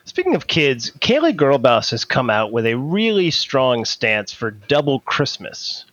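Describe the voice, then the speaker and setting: A man's voice: medium pitch, very animated, measured pace, a bit bright, no room sound, muffled recording. A man playing an interview moderator who asks probing, leading questions.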